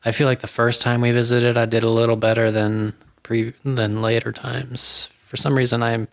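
A man co-hosting a podcast, laid-back, giving dry short replies and telling his own stories calmly. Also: medium pitch, normal speed, vocal fry. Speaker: podcast co-host. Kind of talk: casual chat.

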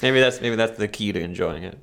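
Animated, laughing podcast host man. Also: a little fast. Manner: animated, laughs often, jumps up in pitch when excited. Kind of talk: casual chat.

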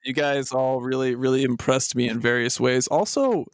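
A man moderates a comedy podcast debate in a playful, giggly way. His voice has a gravelly fry. The sound is dry and close to the mic. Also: medium pitch, dry recording. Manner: playful, giggly, drawn-out teasing. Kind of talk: casual comedy podcast chat.

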